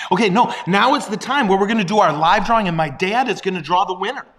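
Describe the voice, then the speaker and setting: A man's voice: high voice, expressive, a little fast, fairly bright tone. A man who is a priest, chatting casually on a livestream. He jokes at his own expense and chuckles often. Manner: playful, self-deprecating, chuckles often.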